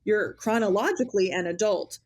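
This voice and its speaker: A woman's voice: mid-range voice, fairly quick, a little mellow. A woman in her thirties co-hosting a clinical podcast, speaking animatedly and acting out bits of dialogue in a raised voice. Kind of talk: conversational podcast discussion.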